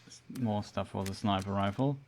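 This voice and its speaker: A man's voice: on the low side, normal speed, darkish tone, slight background noise. A man streaming a game, giving casual, hesitant commentary as he plays. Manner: thinking aloud, hesitant with fillers.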